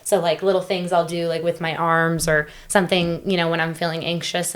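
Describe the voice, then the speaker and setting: A woman's voice: lowish voice, flat delivery, normal speed. A young woman talking openly as a podcast guest, chatty and full of fillers and restarts. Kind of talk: casual conversational interview.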